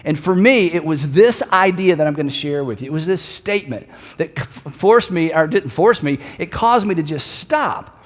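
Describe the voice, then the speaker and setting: A man's voice: fairly high pitch, lively intonation, normal speed. A middle-aged man preaching a sermon as a pastor, talking in a conversational way that builds to emphatic repeated lines. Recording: long hall reverb.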